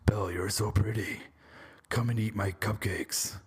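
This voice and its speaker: A man putting on the voice of a gruff male fairy-tale beast, talking low and slow. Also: fairly even intonation. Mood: fawning.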